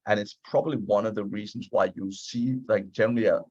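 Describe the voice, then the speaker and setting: A man's voice: lowish voice, steady tone, fast talker, darkish tone, breathy edge, no room sound, dull audio. A man, a management consultant, explaining his ideas in a casual interview, earnest and often repeating words as he starts a thought.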